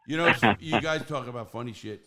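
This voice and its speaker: A man's voice: mid-range voice, fast, crowd noise. A man hosting a casual chat with old friends, blunt and swearing freely. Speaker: host.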